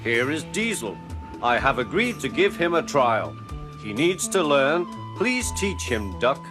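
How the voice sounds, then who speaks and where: A man's voice: medium pitch, sing-song, a little slow. A man voicing a stout, kindly male railway boss, formal and authoritative, over background music. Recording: music clearly behind.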